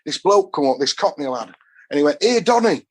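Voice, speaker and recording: A man's voice: on the high side, fairly quick, breathy edge. A man from Doncaster with a Yorkshire accent, a football fan guest telling long rambling anecdotes and acting out what people said to him. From Doncaster, England. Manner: rambling storyteller who acts out quoted dialogue.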